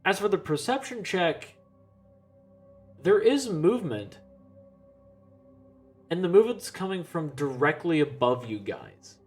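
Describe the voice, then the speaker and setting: A man's voice: a little high, very animated, a little slow, long pauses, faint music behind. A man narrating as game master of a tabletop game in a casual, easygoing manner.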